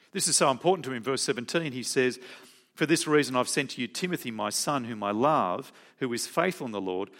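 A man's voice: mid-range voice, a bit bright. Male preacher, conversational sermon, questions the congregation.

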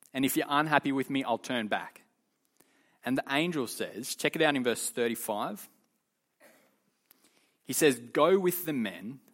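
Guy doing a youth group bible lesson, mid pitch, chatty and lively, throws in slang. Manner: animated, casual storytelling with slang. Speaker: youth leader teaching.

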